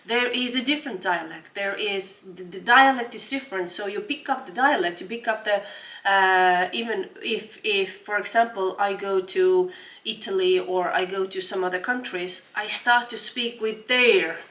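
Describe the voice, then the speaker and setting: Woman, 40s, english speaker, earnest, halting restarts, echoey room, distant mic. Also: medium pitch, a bit bright. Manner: earnest, searching for words with frequent restarts. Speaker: guest. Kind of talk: casual interview chat.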